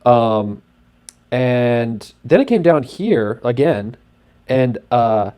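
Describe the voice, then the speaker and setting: A man narrating casually over his screen as host, talking in an excitable, rambling way with lots of fillers. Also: mid-range voice, extremely slow. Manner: acts out sound effects and his own thoughts.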